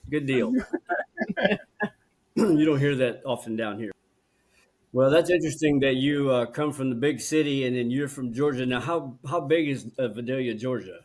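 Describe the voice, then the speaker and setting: Host: Oklahoma man, mid-pitched, friendly chatter. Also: normal speed, a little mellow. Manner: friendly, laughs easily, many short acknowledgements. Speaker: interviewer host. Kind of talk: casual interview chat.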